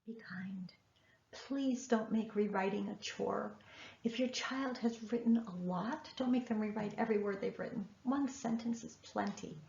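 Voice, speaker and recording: A woman's voice: mid-range voice, measured pace, gravelly, darkish tone, slight background noise. A woman, a writing educator, giving a masterclass lecture with earnest, emphatic advice to parents. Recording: echoey room, dull lo-fi sound.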